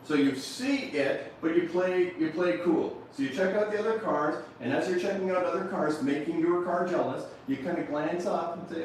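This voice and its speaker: A man's voice: a little high, fairly quick, a little mellow. A man giving a playful motivational seminar talk to a live audience, acting out little scenes in mock-sensual voices. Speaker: motivational speaker. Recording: very echoey hall from far off, faint noise.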